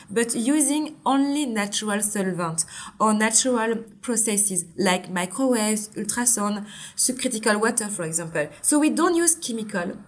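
A woman in her forties with a French accent, a brand founder explaining her products in an interview in an earnest, step-by-step way. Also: a little high. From Martinique. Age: 40s.

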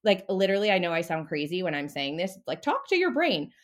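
A woman talking as a mindset coach in a casual podcast interview, animated and a little profane. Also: fairly low pitch, fast.

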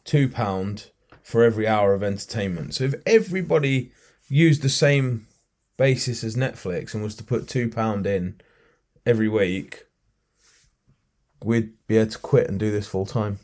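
Rambling podcast co-host. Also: male voice, lowish voice, moderate pace, a little mellow. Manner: rambling, restarts often. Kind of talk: casual chat.

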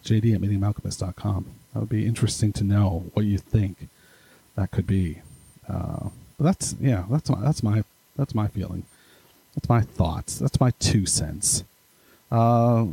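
A man's voice: lowish voice, vocal fry, mellow, breathy edge, no room sound, rough recording. A man hosting a podcast, chatting casually and reading out listener emails with chatty, self-deprecating asides. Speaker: podcast host.

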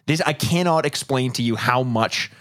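A man's voice: medium pitch, moderate pace, fairly bright tone, no room sound, clean studio sound. A man co-hosting a podcast, rambling through stories with frequent restarts and laughter. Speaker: podcast co-host. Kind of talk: casual chat.

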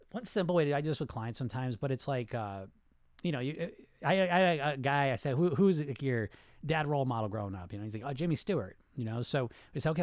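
A man's voice: medium pitch, a little mellow, no room sound, clean studio sound. A middle-aged man coaching on weight loss in a casual, blunt, rambling way, with restarts and swearing. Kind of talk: casual coaching talk answering listener questions.

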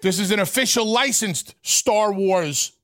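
A man's voice: high voice, measured pace, a bit bright, dry recording, clean studio sound. A male radio co-host in bantering talk, earnestly and playfully defending his fandom.

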